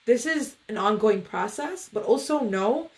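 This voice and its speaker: A woman's voice: fairly high pitch, expressive, measured pace. A woman meditation coach talking casually to viewers on a livestream, in a loose, chatty way with many fillers.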